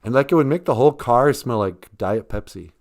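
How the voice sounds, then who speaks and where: An older man hosts a casual live stream and talks in a loose, rambling way, joking and laughing as he goes. His voice moves up and down with a very lively pitch. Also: brisk. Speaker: host teaching Ojibwe.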